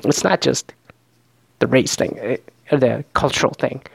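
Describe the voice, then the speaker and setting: A man with a gravelly, creaky voice talks through a reality-show episode in a loose, profane ramble. He keeps breaking into imitations of the people he quotes. The sound is dry and close. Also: medium pitch, normal speed, dry recording. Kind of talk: casual reality-show recap.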